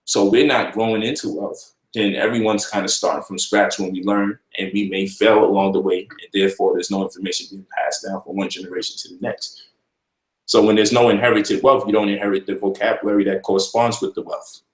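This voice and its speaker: A man's voice: fairly low pitch, flat delivery, a little fast, reverberant, poor audio. A man giving an informal finance lecture to online viewers, emphatic and repetitive, often checking in with the listener. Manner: emphatic, repeats points, asks "you feel me?".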